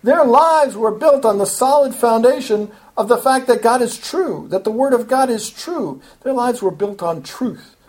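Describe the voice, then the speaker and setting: Explaining scripture verse by verse, an earnest and emphatic preacher speaks expressively at normal speed with few pauses. His pitch and volume climb when stressing a point, and he repeats phrases back and forth with small restarts.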